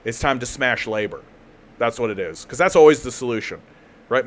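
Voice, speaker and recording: This Canadian man runs a live political commentary stream, speaking fairly quickly in a mid-range voice with lively intonation. His delivery is casual and sarcastic, full of swearing and restarted sentences.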